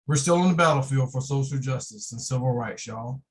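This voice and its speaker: A man's voice: mid-range voice, a little fast, poor audio. A man hosting a virtual membership meeting, speaking steadily with some fillers. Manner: even, steady delivery with fillers. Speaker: branch president hosting a meeting. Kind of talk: opening remarks at a virtual meeting.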